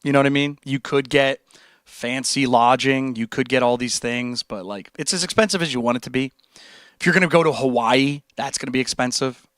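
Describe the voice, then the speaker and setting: Chill young guy streaming, bright forceful voice, dry close sound, lots of dude and like. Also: medium pitch, fairly quick, no room sound. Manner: laid-back, rambling, says dude and like a lot. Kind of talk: casual livestream chat.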